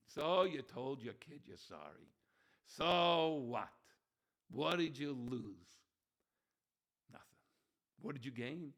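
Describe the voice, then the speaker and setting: A man preaching a holiday sermon as a rabbi, animated, swinging between shouting and soft near-whispers. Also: medium pitch, gravelly. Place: room with bookshelves.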